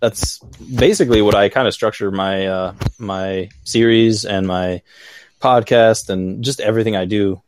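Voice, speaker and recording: A man's voice: lowish voice, steady tone, normal speed. A man hosting a podcast, chatting in a rambling, upbeat way with lots of "like"s. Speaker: podcast host. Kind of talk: casual chat.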